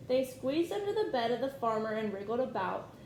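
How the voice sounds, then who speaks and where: A woman teacher reading a picture book aloud to her class in a slow, clear storytime delivery. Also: fairly high pitch, big pitch swings, darkish tone, echoey room, slight background noise.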